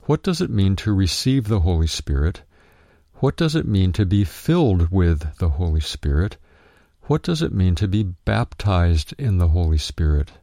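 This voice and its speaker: Deep gravelly man reading a Bible study. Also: dark tone, no echo, clean studio sound. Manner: measured reading, citing verse references aloud. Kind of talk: scripted narration of a written teaching.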